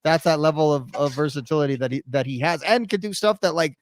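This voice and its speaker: Male co-host, quick hedging chatter, dry close sound. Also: on the high side, dry recording. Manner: rapid, hedging talker with many restarts and you know. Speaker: podcast co-host. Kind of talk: casual chat. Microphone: remote call mic.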